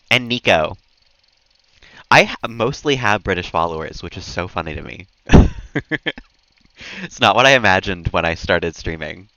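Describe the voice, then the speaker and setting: Deep, lively man chatting on stream. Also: unhurried, pauses often, no echo, dull audio. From United States. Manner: chatty, laughs often, reads out chat messages. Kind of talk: casual chat with viewers while gaming.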